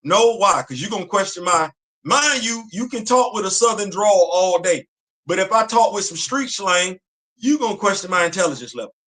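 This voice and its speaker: Male live-stream host, bright edgy tone, emphatic ranting commentary. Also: sits high, lively intonation, moderate pace. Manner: emphatic, repetitive, street slang and rhetorical questions. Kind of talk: impassioned commentary. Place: home studio on a live stream.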